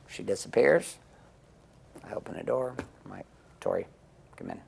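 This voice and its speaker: A man's voice: fairly low pitch, wildly swooping pitch, moderate pace, vocal fry, long pauses. A middle-aged man giving an intense, candid interview, blunt and profane, acting out the people he quotes as he tells stories. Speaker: interview guest.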